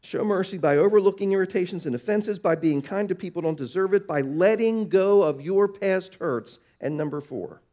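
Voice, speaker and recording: A male pastor delivering a sermon with a slightly high voice. He drops low and quiet, then climbs louder and higher, stretching key words out slowly for emphasis. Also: lo-fi sound. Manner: dynamic preaching, slows for emphasis, swings from soft to loud.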